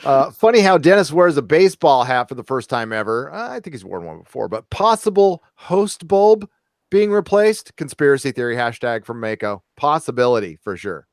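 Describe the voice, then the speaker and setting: Male podcast host, mid-pitched, animated delivery, dry close mic, chatty and casual. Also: normal speed, no echo. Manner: chatty, laughs often, swears casually. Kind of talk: casual live-stream chat.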